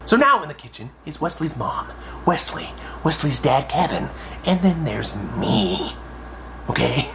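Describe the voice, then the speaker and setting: A young man telling a comic personal anecdote in an animated, exaggerated way. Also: fairly high pitch, unhurried, vocal fry, a little hiss or hum. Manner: animated, exaggerated, acts out voices. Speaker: storyteller.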